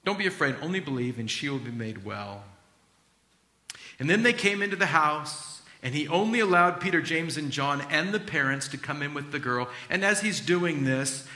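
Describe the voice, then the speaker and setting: A man preaching a sermon as pastor, acting out Bible scenes in an animated, storytelling way. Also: a little high, normal speed, echoey room.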